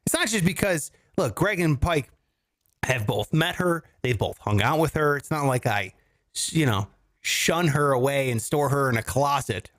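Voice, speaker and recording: Animated joking man hosting a podcast. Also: medium pitch, moderate pace. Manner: animated, laughing, joking rants. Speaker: podcast host. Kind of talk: casual comedy podcast banter. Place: home studio.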